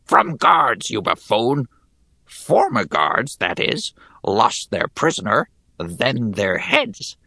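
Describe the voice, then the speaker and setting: A man voicing a sneering male goblin soldier leader with a high, grating, rasping voice that barks and mocks. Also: huge pitch swings, slow, bright, forceful tone, dry recording, clean studio sound, heavily acted. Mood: sneering, barking. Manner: barking, mocking. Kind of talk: audiobook character voice.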